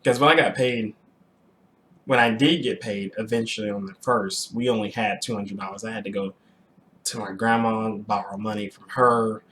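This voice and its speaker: A young adult man casually recounting a personal story to the camera, animated, with frequent restarts and throat clearing. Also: on the low side, moderate pace, a little hiss or hum. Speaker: vlogger telling a personal story.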